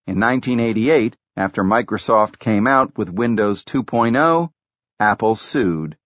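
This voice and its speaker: A man narrating an audiobook in a measured, even storytelling delivery. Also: medium pitch, dry recording, dull audio. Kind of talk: scripted narration.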